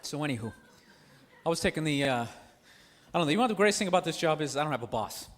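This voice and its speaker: A man's voice: fairly high pitch, expressive, fast talker, some chatter behind. A man doing a stand-up comedy set, ranting sarcastically and acting out characters in asides. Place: live comedy venue with audience. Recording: noisy live club recording.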